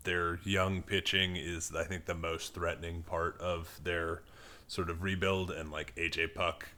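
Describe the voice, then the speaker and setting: A man co-hosting a casual sports podcast, rambling with lots of hedges and filler words. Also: unhurried. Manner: rambling, hedging with fillers, jumps in pitch when excited. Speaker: podcast co-host.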